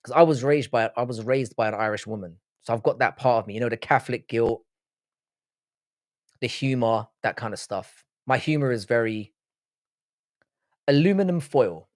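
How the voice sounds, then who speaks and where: A man's voice: medium pitch, normal speed, no echo, clean studio sound. A man with a London accent hosting a live stream, chatting casually with viewers in loose, sweary banter. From Britain. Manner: loose, sweary banter, repeats words to show how he says them.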